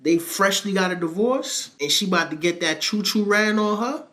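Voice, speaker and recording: A man's voice: high-pitched, normal speed, sharp tone. A man hosting, cutting in with joking, slangy commentary on the story. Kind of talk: casual commentary.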